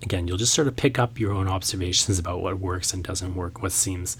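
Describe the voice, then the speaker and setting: Deep-voiced man explaining poetry craft. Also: a little fast, fairly bright tone, slight background noise. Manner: thoughtful, digressive, many fillers. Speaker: podcast host and poet. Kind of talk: casual instructional podcast talk.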